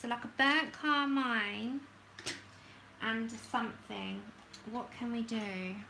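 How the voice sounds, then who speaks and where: A woman hosts a livestream where she swatches colour pencils, chatting casually, talking to herself as she works and often laughing at herself. Her voice sits a little high, with fairly even intonation and a slow pace. It sounds creaky, and there is background noise.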